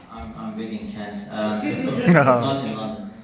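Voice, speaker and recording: Italian-born male stand-up with American accent, deadpan, slow, roomy club sound heard from far back. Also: fairly low pitch, heavy background noise. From Italy. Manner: deadpan with halting restarts. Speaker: stand-up comedian. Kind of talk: stand-up comedy set. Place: comedy club stage. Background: audience laughter.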